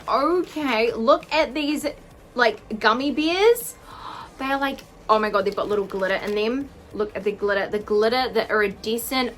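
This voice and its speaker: A young woman with a slightly high voice gushes her way through an unboxing, gasping and exclaiming at every little item. She talks into a camera mic at home, with a faint hum in the background. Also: expressive, moderate pace, fairly bright tone. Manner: gushing, gasping, lots of "oh my God". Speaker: vlogger. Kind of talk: excited unboxing vlog.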